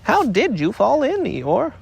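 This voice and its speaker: A fussy, self-important rabbit talks in a high voice with bossy, officious precision, as a man puts him on. His pitch jumps around as he takes charge. A storybook busybody through and through. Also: wildly swooping pitch, unhurried, creaky, husky, full character voice.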